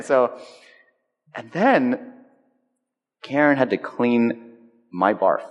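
A pastor preaching a sermon to his church, animated and dramatic, swinging between loud exclamations and slow, quiet lines. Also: mid-range voice. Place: church sanctuary. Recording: long reverb of a large hall.

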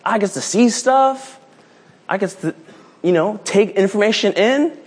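Animated, high-voiced male preacher. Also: measured pace, slightly rough. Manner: animated, rambling with restarts, playful. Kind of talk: casual storytelling sermon.

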